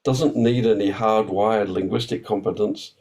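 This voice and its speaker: A man giving an academic workshop talk. He explains his ideas thoughtfully, often pausing on fillers and restarting his sentences. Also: lowish voice, fairly even intonation, darkish tone, poor audio. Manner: hesitant, with frequent fillers and restarts. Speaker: academic speaker.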